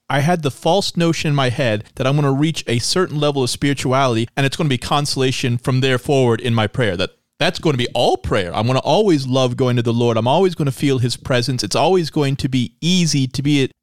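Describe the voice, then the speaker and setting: A man hosting a relaxed conversation about prayer, earnest and a bit self-mocking. His voice sits in a middle register. The sound is dry and close, with no room around it. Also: mid-range voice, fairly quick, hardly any pauses, no room sound. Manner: earnest, self-deprecating, animated when quoting himself. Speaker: podcast host. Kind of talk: casual faith discussion.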